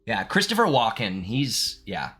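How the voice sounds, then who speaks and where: A man's voice: lowish voice, sing-song, measured pace, pushed and bright, husky, soft background music. A young man from Southern Ohio, a streamer chatting casually with his chat while playing a game. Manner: chatty, reflective, reads game text aloud. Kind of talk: casual gameplay chat reading chat aloud.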